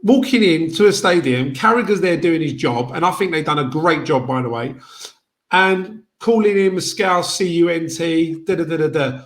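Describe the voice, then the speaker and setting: A man's voice: on the high side, moderate pace. A man, co-hosting a casual football chat show and arguing his points emphatically, often repeating himself. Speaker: podcast co-host.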